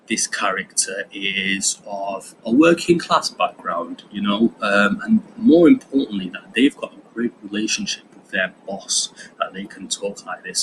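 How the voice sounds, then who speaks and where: A man's voice: on the low side, a bit bright, a little hiss or hum, low-quality recording. A man, a drama teacher explaining a lesson in a chatty way with fillers. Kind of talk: recorded online lesson.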